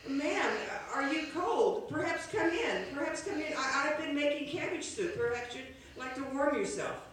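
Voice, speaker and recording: A woman voicing a kindly old male cobbler, speaking gently and hesitantly, recorded in an echoey room from a distance. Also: high voice, expressive, normal speed, noisy background, voice pushed up. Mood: caring.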